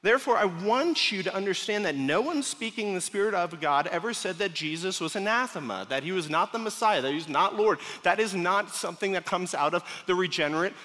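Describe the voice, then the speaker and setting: Bright-voiced pastor in a reverberant hall. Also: male voice, high voice, expressive, fairly quick, few pauses. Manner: conversational, joking asides to the congregation. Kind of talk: sermon. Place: large church sanctuary. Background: congregation laughing at times.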